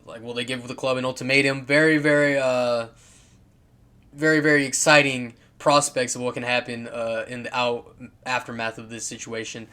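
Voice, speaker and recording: A man's voice: mid-range voice, flat delivery, normal speed, pushed and bright, clean tone. A man casually commenting on football clips, rambling and swearing, with lots of fillers, restarts and laughs.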